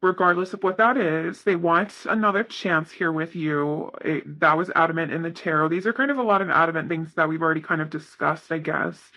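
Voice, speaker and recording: A man's voice: a little high, steady tone, brisk, hardly any pauses, pushed and bright. A man giving a casual tarot reading, talking in a rambling, self-correcting way with lots of fillers. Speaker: tarot reader.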